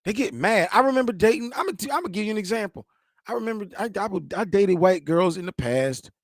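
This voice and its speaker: A man giving casual, animated commentary, laughing often and repeating himself. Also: high-pitched, quick pace, dry recording, clean studio sound.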